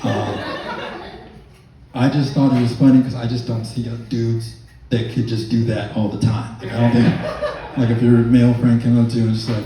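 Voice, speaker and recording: A man's voice: medium pitch, level tone, normal speed, noisy background. A man telling a stand-up comedy story, rambling with fillers and laughing through his lines. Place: comedy club stage with audience laughter. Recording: echoey room, mic far off.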